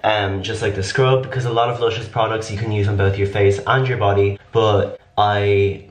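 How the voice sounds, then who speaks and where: A man with a slightly raspy voice chatting through a casual skincare tutorial, rambling and full of fillers. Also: fairly low pitch, fairly even intonation, moderate pace. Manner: rambling, filler-heavy, upbeat. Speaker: beauty vlogger. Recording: echoey room.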